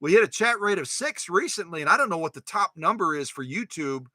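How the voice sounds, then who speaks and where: A man with a high voice talks a little fast while hosting a sewing machine live stream, recorded with no room sound. He's animated, chatting casually, exclaiming and joking with those tuned in.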